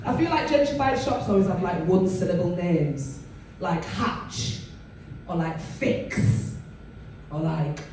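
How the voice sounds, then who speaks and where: A woman from Leeds in northern England performs an animated, chatty stand-up set in a club, full of fillers. Her fairly low voice moves slowly, captured from far off in an echoey room with crowd noise.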